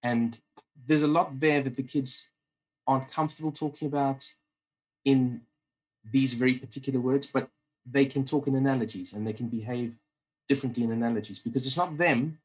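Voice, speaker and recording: A man's voice: medium pitch, fairly even intonation, a little fast, darkish tone, slightly rough, poor audio. A man with a South African accent, chatting at length as a podcast guest, rambling and often restarting his sentences. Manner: talkative and rambling, many restarts. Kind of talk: casual interview chat.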